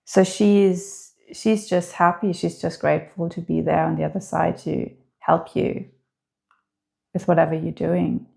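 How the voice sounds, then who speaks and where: A woman giving a spoken tarot reading in a gentle, heartfelt way, hesitant and full of filler words. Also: lowish voice, little pitch movement, a little slow, vocal fry. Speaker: tarot reader.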